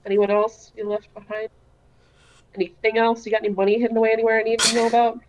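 A woman playing her character in a tabletop game, chatty and playful with quick questions. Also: on the high side, little pitch movement, lo-fi sound, a little hiss or hum. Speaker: player.

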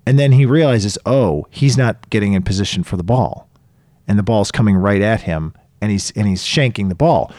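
A man's voice: fairly low pitch, expressive, moderate pace, darkish tone, no room sound, studio quality. A middle-aged man, a coach, talking casually and emphatically, repeating key phrases and acting out quotes. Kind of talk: casual chat.

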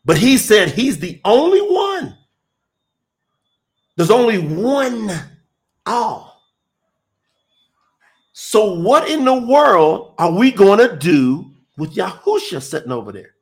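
Slow, animated, high-voiced preacher man. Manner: emphatic, call-and-response preaching to online listeners. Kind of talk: live-streamed sermon.

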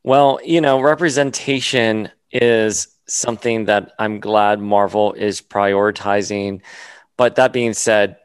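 A man's voice: on the low side, fairly even intonation, slow, clear, resonant tone, no echo. A man co-hosting a casual podcast, talking animatedly with lots of fillers and restarts. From Miami area. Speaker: podcast co-host. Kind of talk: casual chat.

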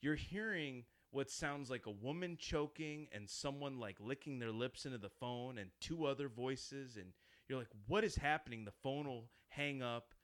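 A man's voice: mid-range voice, normal speed. A man in casual chat, retelling a horror film scene by scene, acting out the lines and swearing freely. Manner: animated storyteller, acts out quotes, swears often.

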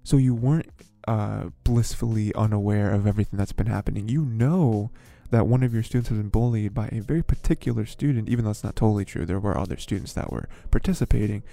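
A man's voice: lowish voice, fast, vocal fry, few pauses, mellow, faint music behind. A young man hosting a podcast, talking in a rambling, filler-heavy, exasperated way. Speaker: podcast host. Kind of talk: casual commentary.

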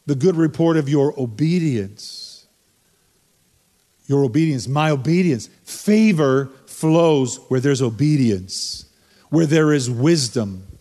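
An older man preaching a sermon, telling stories and calling on people in the congregation in a relaxed, conversational way. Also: fairly high pitch. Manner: conversational, storytelling preacher who addresses the congregation directly. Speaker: pastor. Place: church sanctuary before a congregation. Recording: long reverb from a church hall.

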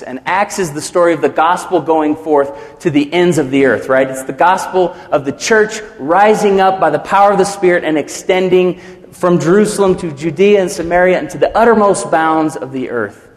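Male pastor, animated sermon delivery with dramatic swells, fairly high voice, long hall reverb. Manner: animated preaching, acting out quotes with swells and drops.

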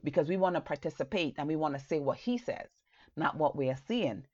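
Low-voiced woman preaching encouragement. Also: lively intonation, a little fast, darkish tone, no echo, muffled recording. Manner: encouraging, earnest, loose with fillers. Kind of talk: conversational sermon.

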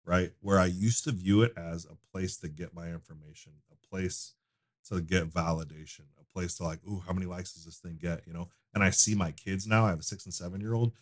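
A man's voice: low-pitched, brisk. A man in his thirties, a donut shop owner, talking casually as a podcast guest with loose storytelling full of fillers and restarts. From United States. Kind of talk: casual conversation.

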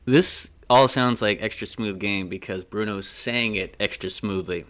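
A man's voice: fairly low pitch, a little slow, a bit bright. A man chatting casually about a song, joking and swearing freely. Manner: joking, swears, acts out silly characters. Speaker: co-host.

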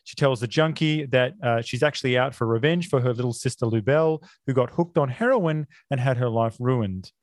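A man's voice: medium pitch, moderate pace, few pauses, no room sound, studio quality. A man, a podcast co-host, casually recapping a film plot, full of filler uhs and offhand swearing.

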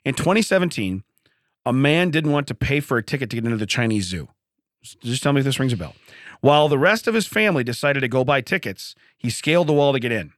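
Male radio co-host, lively pitch, dry close mic, chatty and laughing. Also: fast, dry recording. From Illinois. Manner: laughs often, animated storytelling. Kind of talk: casual banter.

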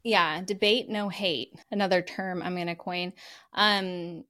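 A woman's voice: fairly low pitch, fairly even intonation, a little slow, a bit bright, no echo, studio quality. A woman co-hosting a casual podcast, chatty and laughing often, swearing casually. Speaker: podcast co-host. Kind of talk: casual chat.

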